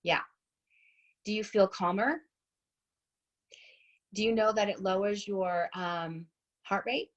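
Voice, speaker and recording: A fitness instructor in her thirties gives a chatty, encouraging group talk, guiding listeners through deep breathing. Her tone stays steady as she takes it slowly, leaving long pauses. The recording is muffled.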